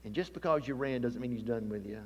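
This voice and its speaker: A man preaching a sermon, building to emphatic repeated calls and dropping to quiet, earnest asides. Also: medium pitch, quick pace, in a large hall, lo-fi sound.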